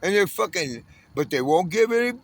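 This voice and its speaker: A man's voice: sits high, very animated, moderate pace. A homeless man in his sixties from Southern California, ranting angrily in a profane, bitter monologue. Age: 60s. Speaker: homeless panhandler.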